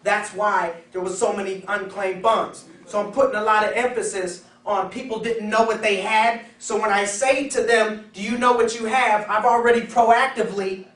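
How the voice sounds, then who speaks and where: Leading a sales training session for insurance agents, a man speaks casually and animatedly, acting out customer dialogues. His voice is high-pitched at a moderate pace, recorded from a distance in an echoey room.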